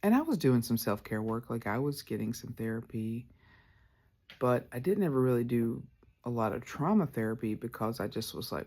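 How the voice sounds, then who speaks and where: A man's voice: medium pitch, lively intonation, moderate pace, darkish tone, slightly rough. A man, hosting a podcast and telling a personal story candidly, full of "like" fillers. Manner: candid, rambling, lots of "like" fillers. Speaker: podcast host.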